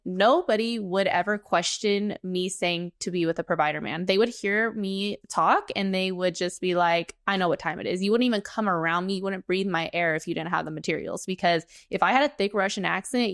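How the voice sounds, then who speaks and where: A woman's voice: medium pitch, dry recording, clean studio sound. A young American woman co-hosting a podcast, ranting casually in a blunt, emphatic way and swearing freely. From United States. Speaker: podcast co-host.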